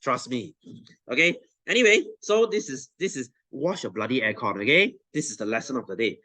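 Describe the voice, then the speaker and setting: A man's voice: medium pitch, expressive, a little fast, bright, forceful tone, no room sound. A young adult man with a Malaysian English accent, teaching a science class in a blunt, swearing, teasing rant to his students. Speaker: science tutor.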